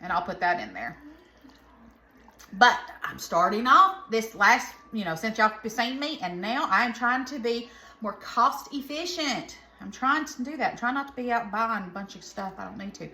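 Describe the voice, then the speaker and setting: Her voice is on the high side and expressive, with a sharp tone and a normal speaking speed, and the room echoes around her. She's a Southern American home cooking host, chatting casually to viewers as she cooks in her kitchen and rambling into folksy side comments.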